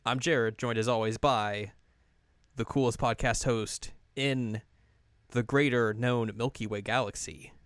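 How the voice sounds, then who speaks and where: A man co-hosting a chatty podcast, with a smooth, clear voice recorded dry and close on the mic. He jokes and laughs often and fills his talk with "like" and "you know". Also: medium pitch, fairly even intonation, a little slow, no echo. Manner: jokey, laughs often, many fillers. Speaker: podcast co-host. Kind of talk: casual chat.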